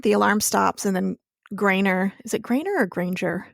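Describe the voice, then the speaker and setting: A woman's voice: mid-range voice, moderate pace, gravelly, no room sound, studio quality. A young woman co-hosting a podcast, retelling a TV episode in a chatty, casual way with plenty of swearing. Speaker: podcast co-host. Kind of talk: casual TV recap chat.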